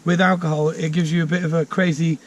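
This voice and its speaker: Enthusiastic man, fairly high voice. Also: level tone, quick pace. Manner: enthusiastic, chatty, many fillers. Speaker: mushroom forager and course teacher. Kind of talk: casual outdoor explanation. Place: outdoors in woodland.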